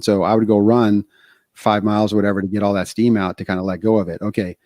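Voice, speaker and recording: Middle-aged man, podcast co-host, low voice, dry close sound, candid and rambling. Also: level tone, brisk, a little mellow, no echo. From United States. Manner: candid storytelling with many fillers. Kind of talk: casual podcast talk.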